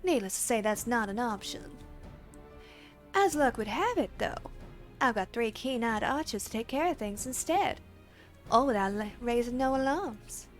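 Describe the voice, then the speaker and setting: A woman's voice: a little high, animated, normal speed, faint music behind, close to an everyday voice. A woman voicing a folksy Southern-accented woman in a video game, drawling as she reads the lines aloud. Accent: American Southern, put on.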